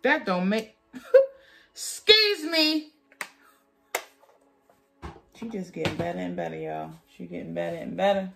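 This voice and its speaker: A woman's voice: fairly low pitch, quick pace, creaky, faint music behind. A woman beauty vlogger chatting through a wig tutorial, sassy and playful, joking with her viewers as she works.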